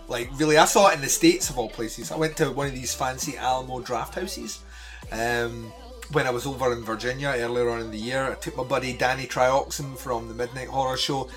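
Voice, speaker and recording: A man's voice: medium pitch, fairly even intonation, moderate pace, fairly bright tone, faint music behind. A man co-hosting a podcast, chatting casually and animatedly about a film, swearing and laughing often. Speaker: podcast co-host. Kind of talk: casual movie review chat.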